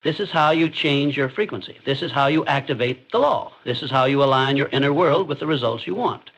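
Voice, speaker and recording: A man's voice: mid-range voice, a little fast, a bit bright, breathy edge, poor audio. A man giving scripted motivational narration in an intense, emphatic, declarative way.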